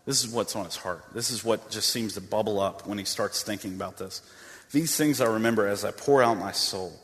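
A man with a fairly low voice preaches a sermon, earnest and measured, reading scripture aloud and often restarting his phrases. His voice rings with a long reverb that fills the hall around him. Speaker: pastor. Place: church sanctuary with a stage.

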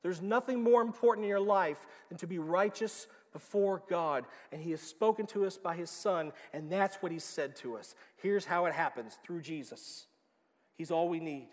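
Male pastor, fairly high voice, emphatic sermon delivery, swings from hushed to loud, long hall reverb. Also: moderate pace.

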